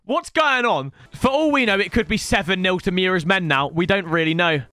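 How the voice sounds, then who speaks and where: Excitable high-voiced young man. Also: fairly quick, no echo. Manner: excitable, loud outbursts; chatty slang, addresses viewers as lads. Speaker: gaming YouTuber. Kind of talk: live gameplay commentary.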